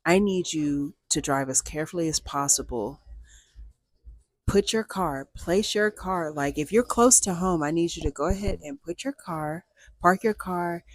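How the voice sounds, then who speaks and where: A woman voicing a kindly older man neighbor who gives slow, calm, reassuring instructions in a lowered, softer voice. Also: no room sound.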